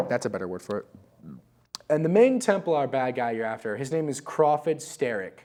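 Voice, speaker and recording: Male co-host, casual game chat, loose and rambling, average pitch. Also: very animated, normal speed, a little mellow. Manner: rambling, laughs at his own story. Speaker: co-host of a gaming show.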